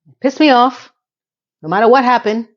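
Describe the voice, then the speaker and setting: A woman's voice: on the high side, normal speed, highs cut off. A middle-aged woman hosting a casual TV recap, talking in a candid, chatty and blunt way. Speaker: TV recap host.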